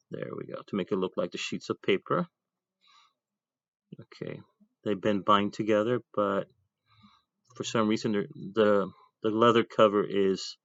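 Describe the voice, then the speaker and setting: Low-voiced man teaching an ink drawing demo. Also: gravelly, fairly bright tone, no echo, muffled recording. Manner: talks while drawing, thinking aloud, chatty asides. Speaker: art teacher. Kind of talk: casual drawing demonstration.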